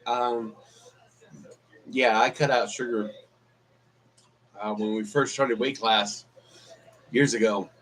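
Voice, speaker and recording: A man's voice: medium pitch, fairly even intonation, takes it slowly, pauses often, a bit bright, slight background noise, rough recording. A man chatting casually on a live stream as a vlogger, rambling with many fillers and restarts. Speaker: YouTube vlogger.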